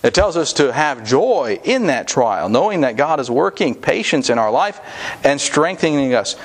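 A man's voice: fairly high pitch, sing-song, moderate pace. A man preaching a sermon in a conversational way, with asides and restarts. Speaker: pastor.

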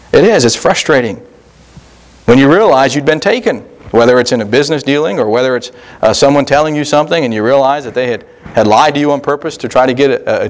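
A male pastor preaching a sermon in a folksy, conversational way, slowing down to stress key words. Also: on the high side.

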